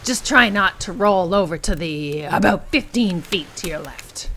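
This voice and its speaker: A woman's voice: fairly low pitch, animated, a little slow, fairly bright tone, slight background noise. A woman voicing a boastful male killer in a dating game, talking in sarcastic veiled threats. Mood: threatening. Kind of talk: reading a dating game aloud.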